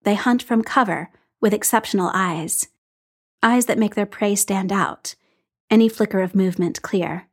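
A calm, dry-humored man, read by a woman in her own voice, steady and measured. He speaks in even, understated phrases with a quiet fondness underneath. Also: mid-range voice, breathy edge, close to an everyday voice.

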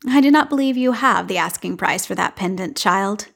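A woman's voice: mid-range voice, lively intonation, moderate pace, creaky, a bit bright. A woman voicing a good-humored male market stallholder who teases a child. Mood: teasing. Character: amused middle-aged male bead seller.

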